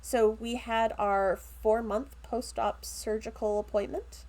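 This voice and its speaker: A woman's voice: on the high side, fairly even intonation, measured pace, darkish tone. A woman co-hosting a casual crafting chat, playful and self-mocking. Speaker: co-host.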